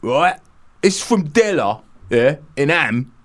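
Ranting cockney bloke, way high and swooping all over, slow and punchy. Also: male voice, sing-song. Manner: ranting, loud bursts, laughs through it. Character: furious Cockney geezer venting about petty grievances. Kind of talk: comic character bit on radio.

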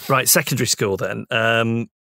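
A man's voice: medium pitch, moderate pace, gravelly, sharp tone, dry recording. A man hosting a casual interview, playful and teasing, with frequent laughter. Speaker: interviewer host.

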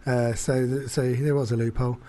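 A man's voice: mid-range voice, level tone, fairly quick, mellow. A man from England chatting casually, rambling through a holiday story with fillers and frequent swearing. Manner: rambling, anecdotal, swears freely. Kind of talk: casual chat.

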